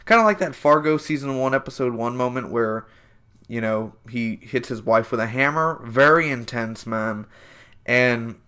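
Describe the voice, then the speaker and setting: A man in his twenties casually reviews a TV episode in a medium-pitched, bright, forceful voice at a moderate pace, recorded cleanly. His talk is loose and rambling, full of fillers and self-corrections, and he enthusiastically calls his viewers "man" and "guys".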